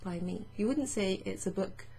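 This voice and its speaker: A woman teaching French grammar in a patient, chatty way, reading French phrases slowly and explaining them. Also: medium pitch, creaky, dark tone, breathy edge. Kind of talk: casual explanatory lesson.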